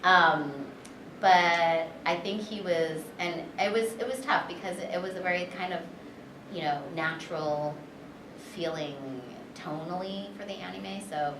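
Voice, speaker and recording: A woman's voice: lowish voice, unhurried, background noise. Chatty woman in an echoey convention room. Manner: chatty, filler-heavy, animated retelling. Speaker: voice actress and director. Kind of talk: convention panel interview, storytelling. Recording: echoey room, distant mic, background chatter.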